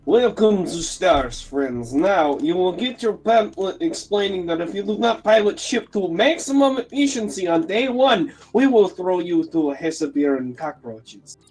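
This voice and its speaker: A man's voice: high-pitched, lively intonation, unhurried, few pauses, darkish tone, low-quality recording. A man co-hosting a game stream, joking around in put-on foreign accents that keep changing. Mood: mock stern. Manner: jokey mock accents, switching accents. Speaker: co-streamer friend. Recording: faint background music.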